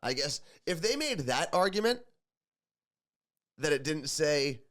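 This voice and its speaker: A man's voice: fairly high pitch, sing-song, a little slow, fairly bright tone. A man co-hosting a morning show, chatting casually and with strong opinions, often repeating words as he thinks. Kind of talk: casual radio show banter.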